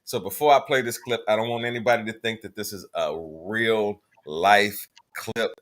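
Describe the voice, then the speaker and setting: A man's voice: lowish voice, normal speed, fairly bright tone. A man hosting a casual call-in talk show, talking bluntly and profanely in a laid-back way.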